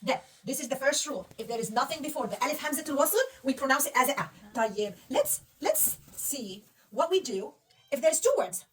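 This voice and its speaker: Patient high-voiced woman teaching reading. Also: lively intonation, fairly quick, distant mic. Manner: patient, coaxing, asks many questions. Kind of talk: one-on-one reading lesson.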